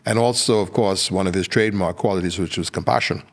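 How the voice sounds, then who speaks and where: The older Bahamian guest, a former politician, speaks in a low voice at a quick pace. He swaps anecdotes on a podcast in his Bahamian accent, his talk peppered with fillers and restarts.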